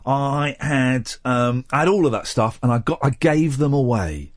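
A man's voice: mid-range voice, lively intonation, a little slow. A man, hosting late-night talk radio from a studio, playful and teasing as he rambles. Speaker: radio host.

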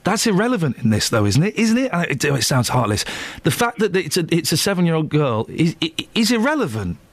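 A man's voice: on the high side, a little fast, dry recording. A man hosting a radio show in a casual, bantering manner, often stammering and restarting. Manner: lively, stammering, self-deprecating banter. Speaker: radio host. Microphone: studio microphone.

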